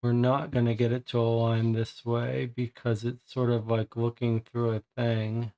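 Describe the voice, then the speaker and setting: A man's voice: mid-range voice, monotone, unhurried, dull audio. A man streaming a puzzle game, thinking aloud and muttering in frustration as he works through it.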